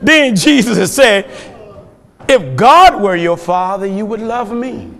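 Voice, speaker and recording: A man preaching a fiery sermon, shouting his points with chuckling asides between them. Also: high voice, animated, slow, vocal fry. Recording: long hall reverb.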